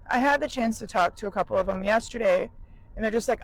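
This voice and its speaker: A woman's voice: medium pitch, brisk, rough recording. A woman talking candidly in a vlog, emotional and rambling, about her experiences as a new business owner.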